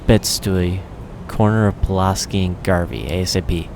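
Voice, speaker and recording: Low-voiced man reading game text. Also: moderate pace, noisy background. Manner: relaxed, conversational reading. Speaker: gamer reading a visual novel aloud.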